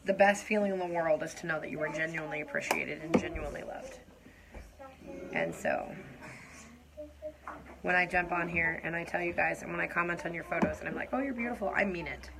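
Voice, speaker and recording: A young adult woman chatting openly to her viewers as she does her makeup on a live stream, confiding and laughing softly. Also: low-pitched, expressive, fairly quick, vocal fry, heavy background noise. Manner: warm, confiding, breaks into soft laughs. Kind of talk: casual heartfelt chat to viewers while doing makeup.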